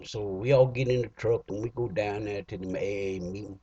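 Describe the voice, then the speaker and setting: A man's voice: on the low side, fairly even intonation, fairly quick, hardly any pauses, warm tone, breathy edge, no room sound. A man with a Cajun accent telling a comic folk story, folksy and drawling, in a dull lo-fi recording. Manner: folksy, drawling, chuckling asides.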